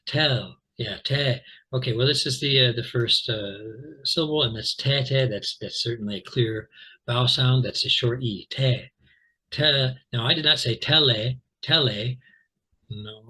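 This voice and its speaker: A man teaching English pronunciation in a casual, chatty way, repeating example words slowly. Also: mid-range voice, sharp tone, husky, poor audio. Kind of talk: casual explanatory lesson.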